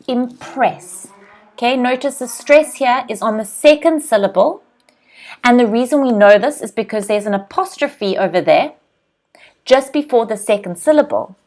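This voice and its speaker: A woman in her thirties teaching an English lesson, repeating words slowly and clearly for pronunciation practice. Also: a little high.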